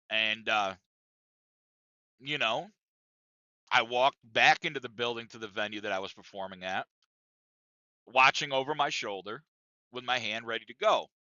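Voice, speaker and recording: A man's voice: mid-range voice, normal speed, long pauses, pushed and bright, no echo, dull audio. A man co-hosting a podcast, telling a story in a casual, profane and emphatic way that often circles back on itself. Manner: profane, emphatic, repeats himself. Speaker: podcast co-host.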